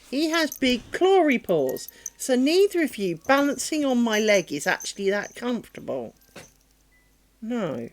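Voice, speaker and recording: A woman streaming while she crafts at home, chatting in a rambling way and dropping to a soft, low voice when she talks to her dogs. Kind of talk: casual chat while crafting.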